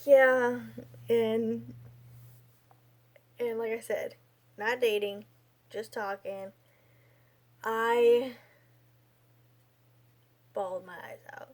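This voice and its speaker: A woman's voice: a little high, a little mellow. A young woman in her twenties telling a personal story in a casual, rambling vlog style, full of fillers and restarts. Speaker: vlogger.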